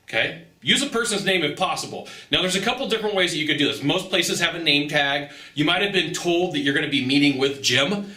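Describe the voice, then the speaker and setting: Animated, bright-voiced man giving travel tips. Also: a little high, reverberant. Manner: animated, chatty, laughs often, acts out dialogue. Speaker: travel and persuasion tips presenter. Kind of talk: casual advice talk to camera.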